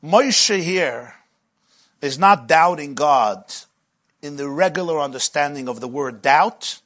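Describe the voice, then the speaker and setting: Animated husky rabbi giving a lecture. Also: male voice, on the high side, takes it slowly. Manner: animated, rises to shouting when retelling the midrash. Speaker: rabbi teaching Torah class. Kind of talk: lively Torah lecture.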